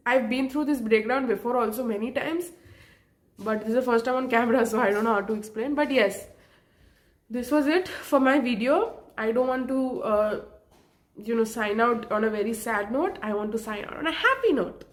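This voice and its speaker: A young woman vlogging about her feelings, emotional and close to tears, apologizing often with nervous laughs. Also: on the high side. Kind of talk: emotional personal vlog.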